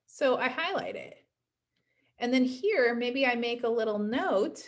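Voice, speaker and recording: A woman's voice: fairly high pitch, big pitch swings, unhurried. Chatty woman teacher, recorded lecture. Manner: chatty, frequent "right?" tags.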